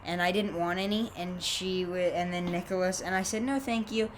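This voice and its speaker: A woman's voice: on the low side, little pitch movement, fairly quick, a little hiss or hum. A young woman co-hosting a comedy podcast, telling silly stories in a playful, rambling way. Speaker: podcast co-host. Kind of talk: casual comedic chat.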